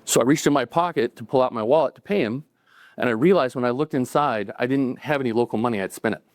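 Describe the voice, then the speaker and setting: A man's voice: mid-range voice, quick pace, no room sound. A man telling a true story to a live audience at a cafe event, in a conversational way that acts out the dialogue. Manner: conversational, acting out dialogue, chuckling between lines.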